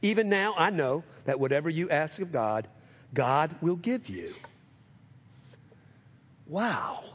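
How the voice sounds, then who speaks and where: A man preaching a sermon as pastor, calling for amens, swinging from emphatic highs to hushed lows. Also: sing-song, takes it slowly, long pauses, husky. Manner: calls for amens from the congregation.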